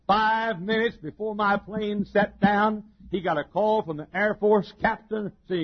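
A male pastor preaching a folksy, joking sermon, chuckling often and swinging between loud and soft. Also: high voice, fairly even intonation, a little slow. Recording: dull lo-fi sermon recording.

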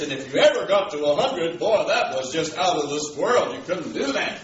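A man's voice: on the high side, animated, unhurried, fairly bright tone, reverberant, distant mic, muffled recording, a little hiss or hum. A man preaching a sermon, telling a story in a folksy way and building emphasis on key words. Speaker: pastor.

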